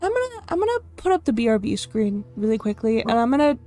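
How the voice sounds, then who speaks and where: A woman's voice: on the high side, sing-song, fast talker, dark tone. A young woman chatting casually on her livestream from her room at home, giggling often and cooing at her dog. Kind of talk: casual stream chat.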